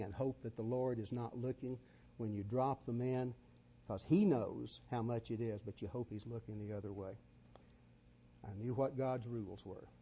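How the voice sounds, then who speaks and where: A man's voice: medium pitch, mellow. A man preaching a sermon, folksy and full of stories. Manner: storytelling, folksy.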